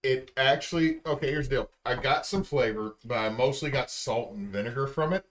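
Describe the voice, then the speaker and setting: A man's voice: medium pitch, brisk. A young man on a casual stream, bluntly grumbling about what he tastes. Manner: blunt, grumbling, loud complaints. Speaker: streamer co-host.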